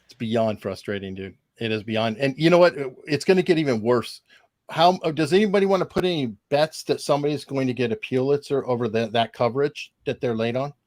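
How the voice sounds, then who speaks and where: A man hosting a casual legal panel over a video call, animated and joking. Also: mid-range voice, no room sound, clean studio sound. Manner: animated, laughing, quick asides. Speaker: host.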